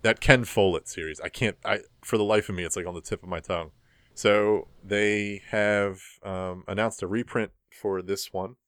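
A young man hosting a board game news podcast in casual chat, relaxed and rambling with lots of ums. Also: lowish voice, moderate pace, smooth, no echo.

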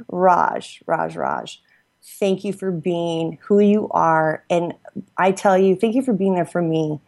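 A woman with a slightly low voice hosts her podcast. She rattles off heartfelt thanks, restarting sentences and laughing often in a casual, effusive way. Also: darkish tone. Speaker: podcast host. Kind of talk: casual gratitude shout-outs. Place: Los Angeles.

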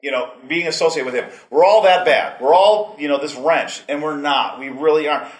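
A man's voice: a little high, a little fast. A man speaking at a group meeting, talking casually and rambling, getting heated at times. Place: meeting hall. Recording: echoey meeting room.

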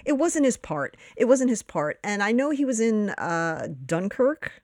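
A woman co-hosting a casual movie review chat, animated and swearing, her voice jumping up when she makes a point. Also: measured pace, no echo, studio quality. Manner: animated, swearing, jumps in pitch when emphatic. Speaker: podcast co-host.

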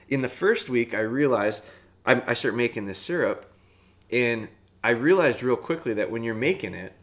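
A man in the middle of his pitch range tells a long personal story at his own easy pace. He rambles, circles back to correct himself and laughs at his own missteps, like a host chatting on his podcast. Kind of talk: casual storytelling.

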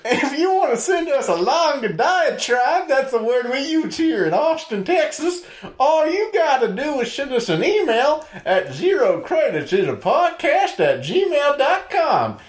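A man's voice: extremely high pitch, sing-song, unhurried, roomy sound, heavily acted. A man voicing a rowdy, yee-hawing male Texan cowboy extra who hollers and drawls. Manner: hollering, whooping, drawling, laughing through it.

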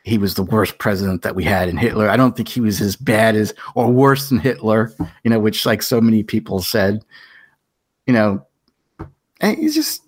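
A man's voice: fairly low pitch, lively intonation, moderate pace, dry recording, studio quality. A man hosting a podcast in casual chat, telling long rambling stories and acting out quoted back-and-forths. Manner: rambling storyteller who acts out quoted exchanges. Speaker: podcast host.

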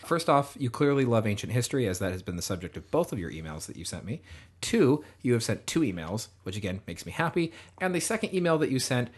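Husky-voiced podcast co-host man. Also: medium pitch, big pitch swings, quick pace. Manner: jokey, chatty, reads listener emails. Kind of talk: casual chat.

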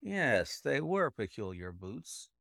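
A man voicing a brilliant, precise male detective explaining his deductions in a measured way. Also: mid-range voice, very animated, vocal fry, a bit bright, dry recording, studio quality, full character voice.

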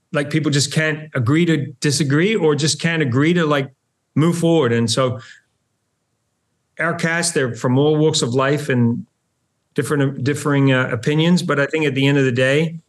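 A middle-aged man with a New Zealand accent, chatting as a podcast guest. His voice sits a little high for a man, and his talk is animated and full of restarts and quick laughs. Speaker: show host, podcast guest. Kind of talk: casual podcast interview.

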